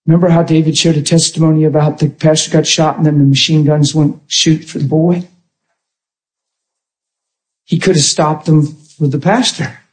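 A man preaching a sermon with fervour, often shouting and calling out to his congregation. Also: fairly high pitch, little pitch movement, normal speed, low-quality recording. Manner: calls out to the congregation.

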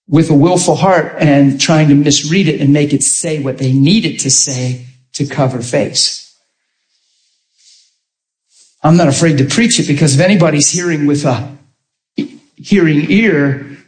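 A man's voice: a little high, roomy sound. A man preaching a sermon, telling stories and acting out what people said to him. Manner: animated storytelling, acting out quotes.

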